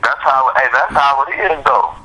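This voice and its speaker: A man's voice: mid-range voice, sing-song, moderate pace, a crowd in the background, rough recording. A man in casual conversation who keeps agreeing and affirming the other speaker.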